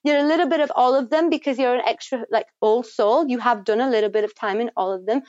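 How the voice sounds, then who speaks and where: A woman giving a psychic reading, talking passionately and quickly, swearing freely and affirming the listener. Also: fairly high pitch, a little mellow, no echo. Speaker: psychic reader and guest. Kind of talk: intuitive reading, casual and emphatic. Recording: dry, slightly muffled recording.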